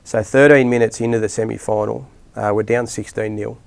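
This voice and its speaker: Aussie footy coach, middle-aged man, low voice with some fry, chatty and rambling, full of restarts. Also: fairly even intonation, a little fast, darkish tone. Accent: Australian. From Australia. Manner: rambling anecdotes with many restarts and fillers. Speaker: rugby league coach, podcast guest. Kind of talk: casual storytelling interview.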